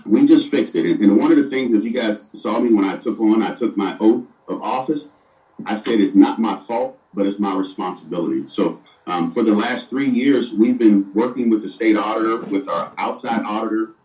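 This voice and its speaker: A man's voice: lowish voice, moderate pace, darkish tone. A middle-aged man, a city mayor, answering interview questions earnestly and often stumbling over and repeating his words, recorded far from the mic in an echoey room.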